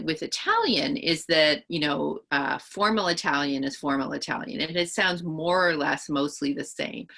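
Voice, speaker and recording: A woman's voice: sits low, bright, forceful tone. A woman author answering interview questions, thinking aloud at length and often restarting her sentences. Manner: thoughtful, explaining at length with many restarts.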